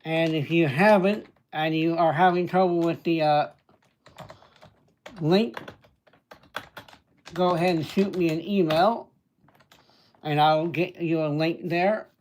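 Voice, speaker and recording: A man hosting a casual livestream, chatting and greeting viewers by name, with hesitant fillers and frequent throat-clearing. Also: on the high side, steady tone, slow, pauses often, darkish tone, slight background noise, rough recording. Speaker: livestream host.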